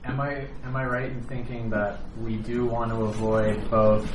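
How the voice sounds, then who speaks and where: A man's voice: mid-range voice, level tone, echoey room, noisy background. A man who is a student in a catechism class, asking careful questions in a hesitant way. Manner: hesitant, slow, searching for words.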